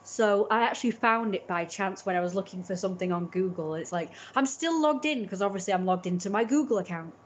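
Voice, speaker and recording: A woman's voice: mid-range voice, brisk, few pauses. Chatty woman rambling on stream. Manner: rambling, chatty, restarts and corrects herself. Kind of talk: casual chat.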